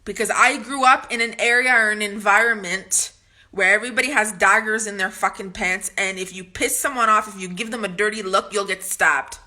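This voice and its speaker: A woman's voice: mid-range voice, a little fast, sharp tone. Blunt, profane woman ranting to camera. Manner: ranting with frequent restarts. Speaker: vlogger.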